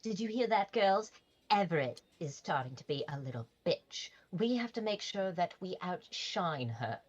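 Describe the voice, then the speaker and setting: A woman playing a preening high school queen bee. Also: very animated, normal speed, highs cut off. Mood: scheming. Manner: theatrical, calls people darling. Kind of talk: tabletop role-play character voice.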